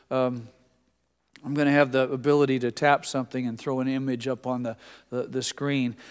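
An older man preaching a sermon to his congregation, conversational in tone with dramatic shifts from quiet to loud. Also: on the high side, clear, resonant tone. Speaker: pastor. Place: church sanctuary. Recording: long hall reverb.

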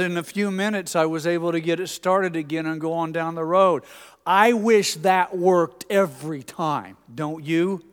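Man, pastor, folksy storytelling sermon, slightly high voice, long church reverb. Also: clear, resonant tone. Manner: folksy, anecdotal, acts out quoted voices.

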